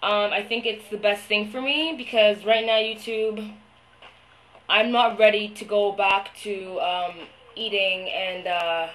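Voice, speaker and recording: A young woman talking to the camera in a video diary, venting her frustration, swearing a lot and pausing often with fillers. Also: mid-range voice, steady tone, fairly bright tone, rough recording. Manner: hesitant, many fillers. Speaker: vlogger.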